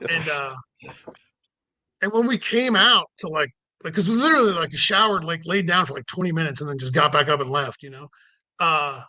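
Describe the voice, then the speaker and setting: High, bright-voiced man rambling through a story. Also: moderate pace, no echo. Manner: rambling, many "like" and "you know" fillers; acts out quoted people with rising voice. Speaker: podcast guest telling a road trip story. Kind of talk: casual storytelling.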